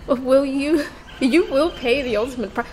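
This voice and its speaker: A woman voicing a haughty, threatening villainous mummy queen in a low, quiet put-on voice. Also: measured pace, slight background noise.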